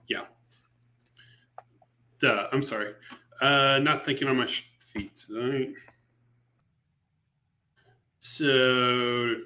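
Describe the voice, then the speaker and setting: Bright-toned man giving a technical talk. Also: mid-range voice. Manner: conversational, with frequent fillers and restarts, mildly sarcastic asides. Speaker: featured speaker presenting a software library. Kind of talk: technical presentation on a live stream. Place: remote meetup talk over a video call.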